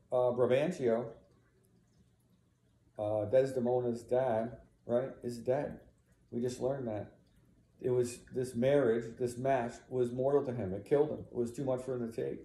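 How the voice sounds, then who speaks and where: A man teaching a play, stopping between readings to explain scenes in a relaxed, conversational way and checking in with "right?". His voice is mellow and dark, and a roomy echo surrounds it. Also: mid-range voice, takes it slowly, pauses often.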